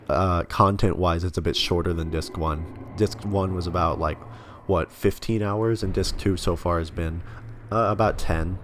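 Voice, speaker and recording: A young man casually commenting over a video game he is playing, laughing often and swearing freely. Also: low voice. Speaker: let's play commentator. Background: game music.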